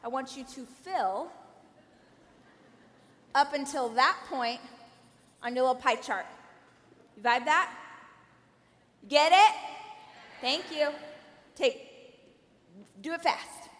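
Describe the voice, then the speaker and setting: A woman in her thirties giving an energetic conference keynote, coaching the audience with direct questions. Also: high voice, takes it slowly, pauses often. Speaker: keynote speaker. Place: large conference hall. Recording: reverberant hall.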